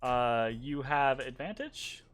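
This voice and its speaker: A man's voice: medium pitch, lively intonation, takes it slowly. A man narrating as game master of a tabletop game, casual and rambling with fillers. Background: faint background music.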